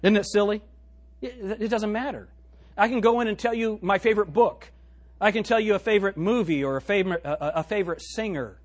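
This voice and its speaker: Animated male pastor, slightly high and husky, sermon delivery. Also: a little fast. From United States. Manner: animated preaching, swinging from loud to hushed; quotes scripture in old-fashioned wording.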